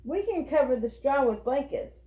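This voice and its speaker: A resourceful older boy from a storybook plans aloud with eager energy, as a woman reads him. His voice sits a little high. The recording is roomy and lo-fi. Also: expressive, moderate pace, mellow. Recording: roomy, dull lo-fi.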